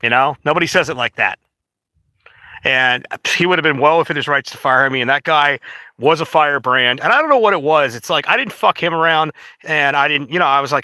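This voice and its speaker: A man's voice: on the high side, fairly quick, bright, forceful tone, dry recording. A man ranting casually to the camera in a profane, rambling, indignant way. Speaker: vlogger.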